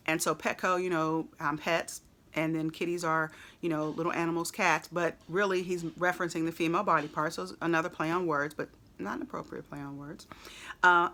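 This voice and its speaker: Woman, lower-pitched and bright-toned, casually talking a song's lyrics through with frequent ums and likes. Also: fairly quick. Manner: chatty, explanatory, frequent fillers. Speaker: lyrics explainer. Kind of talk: casual explanation of song lyrics.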